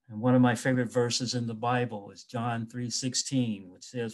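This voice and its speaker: A middle-aged American man giving an emotional, halting remembrance of a lifelong friend. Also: medium pitch, steady tone. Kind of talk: heartfelt personal remembrance.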